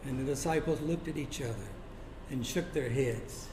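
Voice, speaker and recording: A man preaching a sermon, telling Bible stories dramatically and dropping to a hush for quoted lines. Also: mid-range voice, moderate pace. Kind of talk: sermon storytelling. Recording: echoey room with faint noise.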